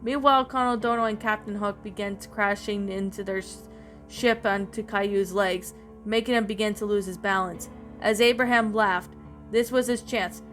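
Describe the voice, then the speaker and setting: A woman's voice: medium pitch, fairly even intonation, moderate pace, a bit bright. A woman narrating a creepypasta-style story, reading aloud with frequent stumbles and restarts. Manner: reads with frequent slips and restarts. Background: faint background music.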